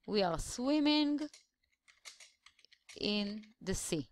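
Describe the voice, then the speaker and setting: A woman teaching English grammar, taking her time and letting her pitch rise and fall freely. She walks through each rule patiently, step by step, with a close, dry sound to her voice-over. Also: lively intonation, extremely slow, no room sound. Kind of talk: slideshow lesson voice-over.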